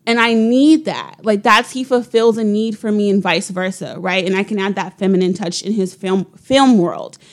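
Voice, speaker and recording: A woman's voice: medium pitch, normal speed, hardly any pauses. A woman co-hosting a podcast, talking things through reflectively with lots of fillers. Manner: reflective, chatty, lots of "like" and "you know". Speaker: podcast co-host. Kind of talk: casual chat.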